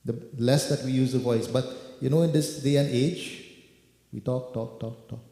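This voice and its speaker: A man's voice: medium pitch, steady tone, moderate pace, warm tone. A man preaching a sermon, addressing listeners as devotees and repeating words for emphasis. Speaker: preacher leading kirtan. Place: temple hall. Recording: echoey hall with music.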